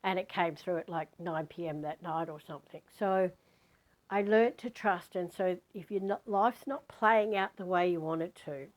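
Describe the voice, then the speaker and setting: A woman speaks in a fairly low voice as a spiritual teacher in a casual vlog. She tells her story with animated emphasis and repeats words to drive a point home. Her talk is blunt and peppered with casual swearing. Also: moderate pace, poor audio.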